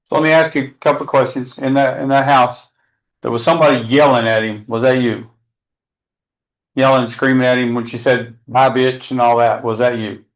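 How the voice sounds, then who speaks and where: A man questioning a witness in court in a calm, methodical way. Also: medium pitch, moderate pace. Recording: echoey courtroom audio from a distance.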